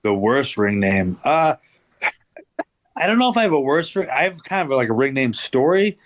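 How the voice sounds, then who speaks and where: A man's voice: medium pitch, very animated, moderate pace. A middle-aged man, a guest wrestler, telling stories in casual podcast chat, laid-back and profane, full of "like".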